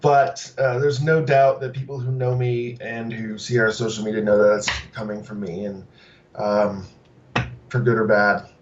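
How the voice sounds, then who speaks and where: A man's voice: on the low side, level tone, moderate pace, recorded from a distance, muffled recording, slight background noise. A man being interviewed on a podcast about his food truck, talking casually with many fillers and restarts. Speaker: guest, food truck owner.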